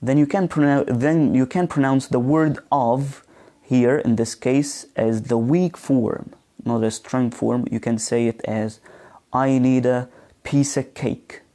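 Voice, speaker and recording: A man teaching a live online pronunciation class, speaking slowly and hesitantly with many fillers, modeling words and asking students questions. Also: medium pitch, fairly even intonation, mellow.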